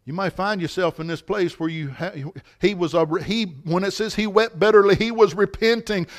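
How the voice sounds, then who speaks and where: A man's voice: high-pitched, a little fast, hardly any pauses. A male pastor preaching a sermon at a church service, telling a story with passion, emphasis and repetition.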